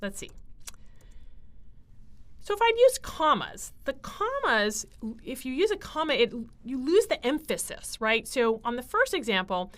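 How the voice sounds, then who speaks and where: Lively woman teaching writing. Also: high-pitched, a little slow. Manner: explains step by step with frequent ums and uhs. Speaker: writing instructor. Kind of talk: recorded grammar lecture.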